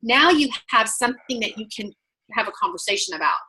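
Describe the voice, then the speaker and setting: An upbeat woman with an Oklahoma accent, leading a group coaching talk. Her voice rings bright and sits a little high, and she talks emphatically and with energy. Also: lively intonation, brisk, low-quality recording. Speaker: sales trainer.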